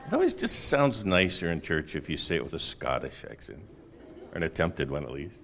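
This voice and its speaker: A man's voice: rumbling low, sing-song, a little fast, a bit bright, a little hiss or hum. A middle-aged man preaching a sermon in a conversational way, with folksy asides and rhetorical questions. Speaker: pastor.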